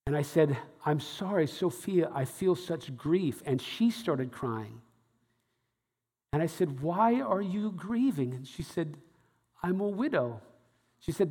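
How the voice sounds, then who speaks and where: A man giving a sermon, telling a personal story in an animated way and acting out the voices of the people in it. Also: a little high, slightly rough, in a large hall. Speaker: pastor.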